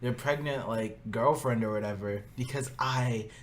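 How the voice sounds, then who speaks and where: A young man co-hosting a live podcast in casual chat, animated and quick to laugh, with mocking asides. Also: mid-range voice, a little hiss or hum. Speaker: podcast co-host.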